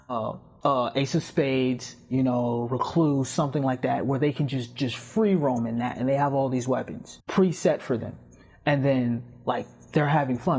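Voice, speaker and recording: A man's voice: medium pitch, a little mellow, breathy edge. A man talking casually on a podcast, rambling and telling stories with plenty of fillers. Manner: rambling, storytelling with lots of fillers. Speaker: podcast guest or host. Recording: dull lo-fi audio.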